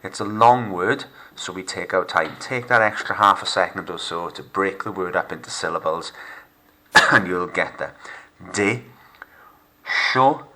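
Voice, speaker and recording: A deep-voiced man teaches a recorded remote lesson, explaining patiently step by step with fillers. His tone is bright, forceful, and steady, at a normal speed, and the recording is rough.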